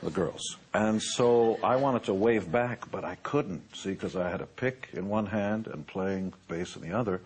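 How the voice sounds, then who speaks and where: A man's voice: on the low side, measured pace, hardly any pauses, a little hiss or hum. A man in his sixties, a musician turned businessman, giving a boastful, joking motivational talk. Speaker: musician and entrepreneur.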